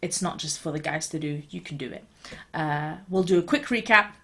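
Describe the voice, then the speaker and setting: A woman's voice: deep voice, normal speed, a bit bright. A woman teaching beatboxing in an online video lesson, talking casually with fillers in a reassuring, encouraging way.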